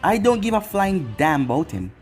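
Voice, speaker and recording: A man's voice: high-pitched, big pitch swings, moderate pace, faint music behind. Sarcastic man narrating fan fiction. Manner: sarcastic, first-person asides. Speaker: storyteller.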